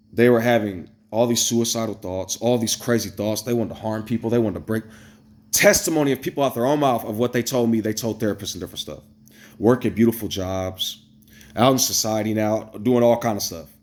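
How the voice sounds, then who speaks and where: A man telling a story straight to his viewers in a casual, blunt, profane rant, swinging between loud exclamations and low asides. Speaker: vlogger. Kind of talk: casual ranting storytelling to camera.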